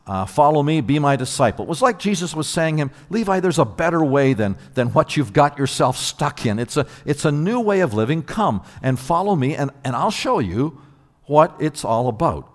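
A man preaching a sermon, emphatic and animated, often repeating words as he builds his point. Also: fairly high pitch. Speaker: pastor. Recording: long hall reverb.

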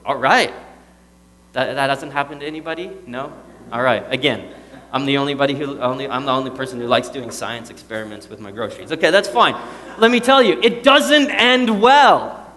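A man in his thirties preaching a sermon in a casual, joking way, swinging between loud outbursts and quiet, serious stretches. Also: mid-range voice, fairly quick, in a large hall. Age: 30s. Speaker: pastor.

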